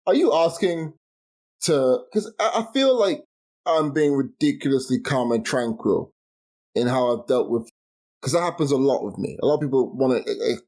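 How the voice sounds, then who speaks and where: A man's voice: mid-range voice, a little mellow. A man in his twenties co-hosting a casual podcast chat, ranting in an exasperated way with many restarts and laughs. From United Kingdom. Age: 20s. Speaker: podcast co-host.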